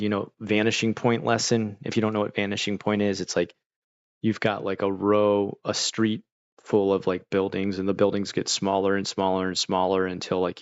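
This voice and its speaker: A man's voice: lowish voice, vocal fry, no room sound. A man, an art teacher, chatting casually on a livestream, joking and swearing as he rants. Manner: profane, ranting, joking. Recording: dull lo-fi stream audio, dry.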